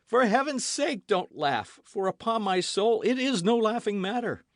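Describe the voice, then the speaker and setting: Brief: agitated young swordsman, higher and louder, read by a male narrator, dry sound. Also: measured pace, no room sound. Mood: alarmed. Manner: excited, raised and loud. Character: frantic young male swordsman, breathless and urgent. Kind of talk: audiobook character voice.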